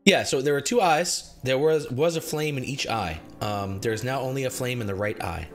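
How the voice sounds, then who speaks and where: A man narrating a tabletop game as game master, halting with many pauses and restarts. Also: medium pitch, a bit bright, soft background music.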